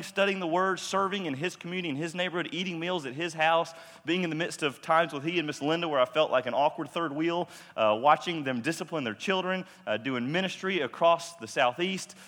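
A pastor with a slightly high, sharp-toned voice tells a personal story during a sermon. He's conversational and self-deprecating and acts out the dialogue, and the recording carries the long reverb of a large hall.

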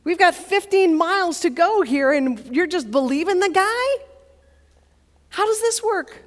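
A woman preacher voicing a blunt male friend who scoffs at his companion in quick, disbelieving questions, heard with long hall reverb. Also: very high-pitched, animated, voice pushed up. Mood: incredulous. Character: skeptical male buddy, blunt and incredulous.

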